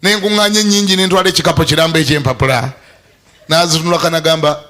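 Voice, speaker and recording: Bishop, man, fairly high and bright voice, lively sermon with laughter and sudden shouts. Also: rapid-fire. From Uganda. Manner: animated, laughing, bursts into shouts.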